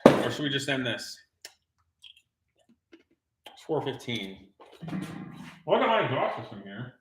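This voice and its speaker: A man's voice: mid-range voice, very animated, a little slow, fairly bright tone, soft background music. A man hosting a casual livestream from his home garage, rambling and joking while he works and reads the chat aloud. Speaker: livestream host.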